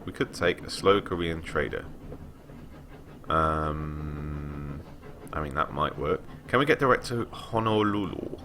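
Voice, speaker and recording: A young man giving casual commentary while playing a story game, animated with wry asides. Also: a bass voice, takes it slowly, long pauses, a little hiss or hum. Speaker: let's player.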